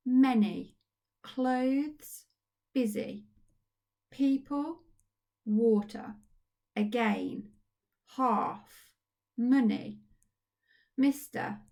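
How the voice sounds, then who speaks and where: Woman, primary teacher, encouraging, slightly high voice, recorded lesson for children. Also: vocal fry. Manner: upbeat, encouraging, speaks to children at home. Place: at home.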